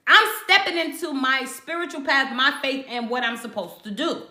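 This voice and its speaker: A woman with a bright, lively voice, speaking in with a somewhat high pitch. She tells a personal story in an emphatic, animated way, swearing freely. The room is echoey. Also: normal speed, hardly any pauses. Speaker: spiritual livestreamer. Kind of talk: casual livestream chat.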